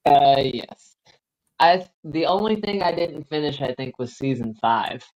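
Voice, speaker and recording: A man's voice: a little high, measured pace, dull audio. A man co-hosting a livestream, chatting casually while gaming and telling rambling anecdotes with cautious recommendations. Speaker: livestream co-host.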